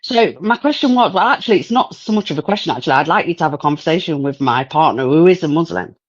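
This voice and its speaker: A woman's voice: low voice, animated, quick pace, no room sound. A woman from the East Midlands of England with a thick East Midlands accent, calling in and talking in a hesitant, rambling way. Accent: East Midlands English. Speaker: caller. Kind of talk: casual phone-in talk. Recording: dull, dry lo-fi call line.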